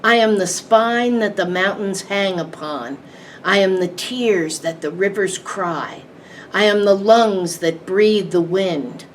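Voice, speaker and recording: Lady reading as huge old tree monster, booming and commanding, slow, far off mic w/ light hiss. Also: animated. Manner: booming, declaiming. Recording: distant mic, faint background hiss.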